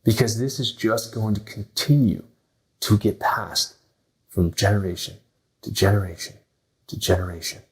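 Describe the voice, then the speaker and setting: Speaking at a normal pace in a fairly low voice, a man hosts a health podcast with a motivational bent. He's blunt and emphatic and likes to act out what others say, though the audio is poor.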